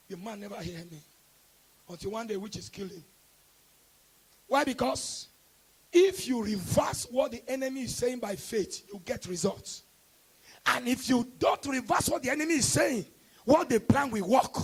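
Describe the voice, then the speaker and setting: Nigerian male evangelist, high gravelly voice, passionate sermon that swings into shouted decrees. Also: animated, unhurried, pauses often. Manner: impassioned preaching, rising to shouted declarations. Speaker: evangelist preacher. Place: church service hall.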